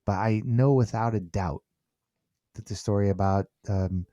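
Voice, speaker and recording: A middle-aged man, a podcast guest, telling stories in a lively way, often repeating words as he restarts and acting out what people said. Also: lowish voice, moderate pace, no room sound, highs cut off. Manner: animated, repeats words when restarting, acts out quoted dialogue. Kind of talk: conversational storytelling.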